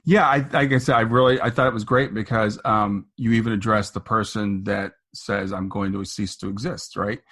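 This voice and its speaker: A man's voice: on the low side, fairly even intonation, normal speed, hardly any pauses, a bit bright. A man hosting a podcast interview, friendly and affirming toward his guest. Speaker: podcast host.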